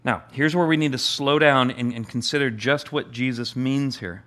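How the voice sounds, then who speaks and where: A man's voice: moderate pace, fairly bright tone. Conversational male pastor preaching with repetitions. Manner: conversational preaching with frequent restarts and repeated words; acts out the master's amused voice with a higher pitch. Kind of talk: sermon.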